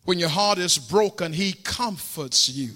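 A man preaching a sermon in a church, repeating phrases in call-and-response and rising to shouts. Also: high voice, expressive, unhurried. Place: church sanctuary. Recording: long hall reverb.

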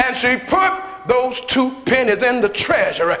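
A man preaching a call-and-response sermon in a church, building into chanted shouting. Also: extremely high pitch, moderate pace, few pauses. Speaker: pastor. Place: church sanctuary. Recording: echoey church hall with long reverb.

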